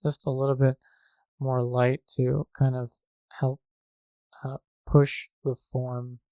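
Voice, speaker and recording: A man with a gravelly, low-key voice walks through a painting demonstration. His delivery stays flat and measured, with small pauses and fillers as he works. The sound is dry and close, with no room around it. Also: dry recording. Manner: calm, measured, with frequent fillers. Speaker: painting instructor. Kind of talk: tutorial narration. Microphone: desk microphone.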